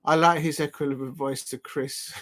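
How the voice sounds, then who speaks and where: High-voiced mocking football fan host. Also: male voice, fairly even intonation, moderate pace, fairly bright tone. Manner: mocking, banter-heavy, chants and sings snippets. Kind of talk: live fan reaction stream.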